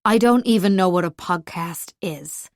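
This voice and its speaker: A prickly young man grumbles defensively through this audiobook scene, voiced by a woman narrator. His lines come out gruff and a little loud. The sound is dry and close. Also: lowish voice, moderate pace, no echo, natural voice. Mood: grumbling. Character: grumpy young man, prickly rival driving an old truck. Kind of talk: audiobook character voice.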